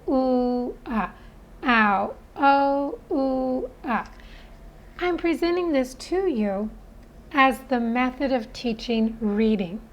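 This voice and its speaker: Slow, earnest woman phonics teacher. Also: high-pitched, poor audio. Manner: earnest, persuasive. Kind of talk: spoken lesson.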